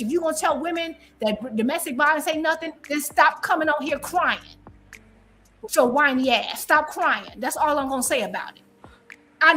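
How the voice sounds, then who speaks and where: Brief: high-pitched woman panelist, defiant and confrontational, heated back-and-forth. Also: a bit bright. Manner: confrontational, defiant, repeats herself. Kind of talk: heated live-stream panel argument.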